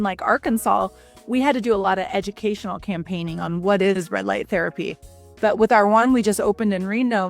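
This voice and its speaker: A woman's voice: medium pitch, vocal fry. A woman in her forties, a guest in a casual interview, talking in a chatty, enthusiastic way with lots of fillers. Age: 40s. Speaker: guest, red light studio owner.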